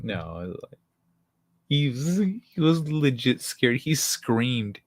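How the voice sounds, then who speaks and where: Stream host, casual storytelling, frequent laughter, loose and profane, slow unhurried pace, dry close sound. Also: medium pitch, big pitch swings, no echo.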